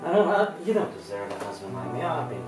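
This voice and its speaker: A woman's voice: a bass voice, big pitch swings, quick pace. A woman playing a worried young husband who doubts he is good enough, speaking in a strained, put-on man's voice in an amateur remake of an old film drama. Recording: echoey room, far from the camera mic, music behind.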